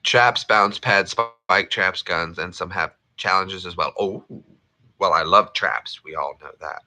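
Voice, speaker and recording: A man's voice: low-pitched, measured pace, bright, forceful tone. A man rambling and joking in casual chat while he plays a game, with playful repetitions. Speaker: gaming streamer.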